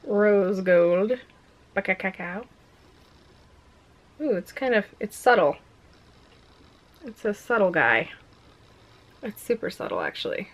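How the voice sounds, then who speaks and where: Gushing woman unboxing makeup, lively pitch. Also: unhurried, pauses often, poor audio. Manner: gushing, exclaiming, giggly. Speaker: beauty vlogger.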